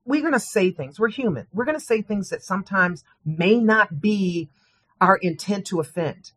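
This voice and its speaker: A woman guest in an interview speaks as a trainer, giving earnest, measured advice. Her voice sounds dry and close to the mic, with no room behind it. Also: mid-range voice, animated, fairly bright tone, slightly rough, dry recording.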